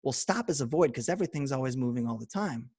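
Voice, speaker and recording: A young man leading a live online workshop, acting out both sides of an imagined dialogue and getting loud and emphatic. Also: mid-range voice, expressive, quick pace, breathy edge, dry recording. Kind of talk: animated teaching talk. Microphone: video call.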